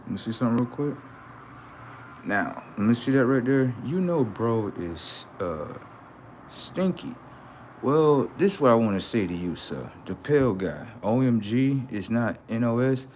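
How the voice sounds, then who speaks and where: A man's voice: mid-range voice, lively intonation, a little slow, darkish tone, slight background noise. A man hosting a livestream, preaching in a confrontational way with rhetorical questions and street slang. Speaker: livestream host.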